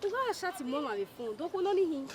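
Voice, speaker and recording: A woman's voice: very high-pitched, sing-song, fast, slight background noise. A greedy, giggly Nigerian girlfriend. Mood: coaxing. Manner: coaxing, giggly, mixes pidgin. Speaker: girlfriend asking for money.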